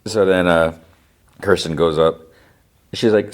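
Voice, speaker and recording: Man, very low voice, podcast host, casual episode recap, quick quoted dialogue. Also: fairly even intonation.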